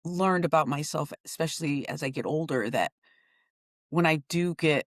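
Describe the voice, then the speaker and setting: A middle-aged woman co-hosting a podcast, telling stories in a casual, animated way and laughing often. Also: low voice, normal speed, no room sound, studio quality. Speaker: podcast co-host. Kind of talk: casual conversation.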